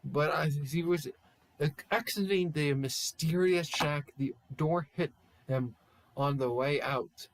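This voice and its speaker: A man's voice: fairly high pitch, takes it slowly, dry recording. A young man reading a silly fan story aloud, stumbling over words and stopping to poke fun at the text. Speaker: channel host. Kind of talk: comedic fan-fiction reading.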